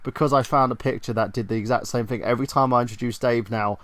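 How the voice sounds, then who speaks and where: A man's voice: mid-range voice, fairly even intonation, quick pace. A tired man co-hosting a casual podcast chat in a laid-back way. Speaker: co-host.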